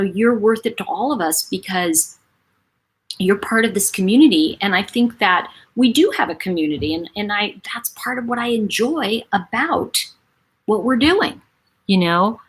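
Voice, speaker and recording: A middle-aged woman hosting a live stream, talking warmly and expressively with viewers, with many fillers. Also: mid-range voice, breathy edge. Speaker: host of a live stream, reading viewer comments. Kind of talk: casual live-stream chat.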